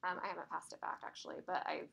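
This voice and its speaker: Talking in rapid-fire bursts with a fairly bright tone, a woman teaches algebra to a class. The math teacher keeps the lecture chatty, laughing while she tells stories.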